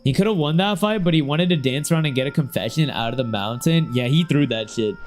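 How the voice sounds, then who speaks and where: A young man streaming a game, chatting in a loose, slangy way and now and then bursting into sudden excited shouts. His voice sits a little high for a man. Faint music plays behind him. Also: fast. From Ohio. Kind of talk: casual game stream chat.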